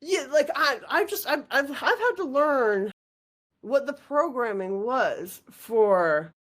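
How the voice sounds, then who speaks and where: A woman hosting a casual conversation, talking fast and heated, swearing often and restarting her sentences. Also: high-pitched, animated, a bit bright. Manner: swears a lot, rambling and heated; quick restarts and stammers. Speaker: host.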